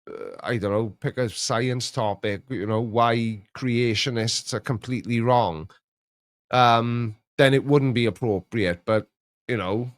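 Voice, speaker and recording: A man's voice: medium pitch, unhurried, no echo, studio quality. A middle-aged man chatting as co-host, rambling and hesitant, teasing his son. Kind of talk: casual chat.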